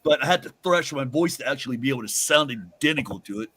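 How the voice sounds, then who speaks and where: A man's voice: mid-range voice, expressive, fast, bright, forceful tone, breathy edge. A man hosting a podcast in casual, rambling chat, swearing freely. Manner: rambling, profane, loose. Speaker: podcast host.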